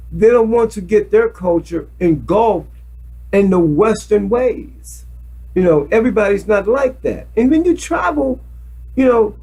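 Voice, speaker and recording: A man talks into a webcam in a loose, preachy monologue, circling back and repeating words as he goes. His voice sits high and swings widely in pitch, with a husky edge to it. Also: a little mellow, rough recording. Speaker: self-made video commentator. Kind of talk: casual monologue to camera.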